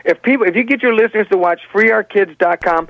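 A man as a guest on a talk radio show, telling his story earnestly with halting speech and many restarts. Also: high-pitched, dry recording, highs cut off. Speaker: guest, parent and sheriff candidate.

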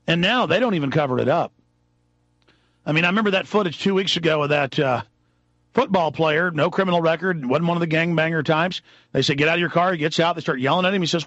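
A man hosting a radio talk show, delivering a heated, angry political rant that builds into shouting. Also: a little high, no echo, lo-fi sound. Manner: fast, angry, rising to shouts. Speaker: radio host.

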